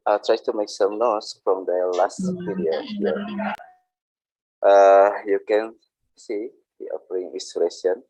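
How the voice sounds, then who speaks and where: A man recapping a lesson slowly and hesitantly, with many fillers. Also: sits low, dark tone, no room sound. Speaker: teacher. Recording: dull, lo-fi sound.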